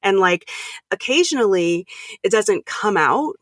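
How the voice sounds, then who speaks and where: A woman talking openly in a casual podcast chat, her speech marked by a stutter that repeats first sounds. Her voice sits at a middle pitch and is recorded close and dry, with no room sound. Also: expressive, a little slow, a bit bright, no echo. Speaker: podcast guest, empathy consultant. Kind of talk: casual conversation.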